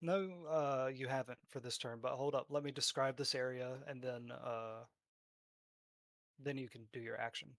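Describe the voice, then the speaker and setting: A man's voice: medium pitch, fairly even intonation, moderate pace, no echo, studio quality. Man narrating as game master. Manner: loose, descriptive, with fillers.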